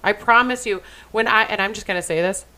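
A young woman co-hosting a podcast with a smooth, clear voice at an ordinary pitch. She talks in loose, casual chat, blunt and emphatic, with plenty of swearing. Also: fairly quick, bright, forceful tone, rough recording. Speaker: podcast co-host.

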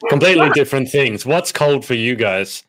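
A man's voice: medium pitch, lively intonation, fairly quick, a bit bright. A man hosting a casual interview podcast, chatty and rambling, often restarting his sentences. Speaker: podcast host.

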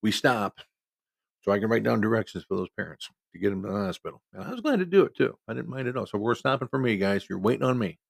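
A man's voice: on the low side, lively intonation, quick pace, gravelly, breathy edge, no echo. A middle-aged man from Iowa, a football referee, telling a story in a folksy, conversational way and quoting people in his own voice. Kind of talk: casual spoken storytelling.

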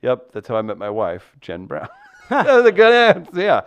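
A man's voice: fairly high pitch, wildly swooping pitch, moderate pace, clean tone, no room sound. A man hosting a casual live stream, reading out viewer comments with a loose, jokey manner and frequent laughs. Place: small studio room.

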